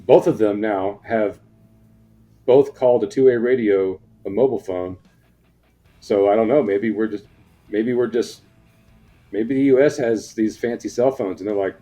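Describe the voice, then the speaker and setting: A man's voice: lowish voice, normal speed, long pauses, dark tone, muffled recording, soft background music. An American man co-hosting a casual podcast, rambling and repeating words as he starts his sentences. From United States. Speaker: podcast co-host.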